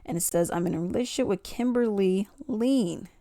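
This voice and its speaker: A woman's voice: mid-range voice, brisk, dark tone, no echo, studio quality. A woman giving casual commentary, reading posts aloud and questioning the wording. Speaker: commentary vlogger.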